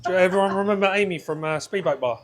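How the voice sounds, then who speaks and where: A man's voice: sits high, very fast. A British man hosting a casual food vlog, chatty and upbeat as he talks to camera. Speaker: food vlogger host.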